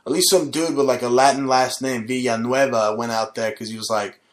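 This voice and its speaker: A man's voice: mid-range voice, steady tone, a little fast. A man hosting his own show, delivering a combative, profane, mocking rant. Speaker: show host. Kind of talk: ranting monologue.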